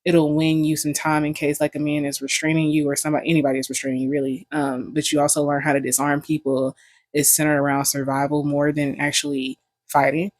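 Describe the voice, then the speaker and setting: A woman's voice: deep voice, little pitch movement, quick pace, no echo. Young woman vlogger, casual storytelling, profane and joking, dry close sound.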